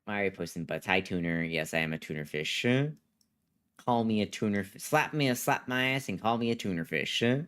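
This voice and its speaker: Low-pitched and a bit bright, this man speaks fairly quickly while live-streaming a game. His casual chat with viewers wanders, with frequent repetition as he reads their messages.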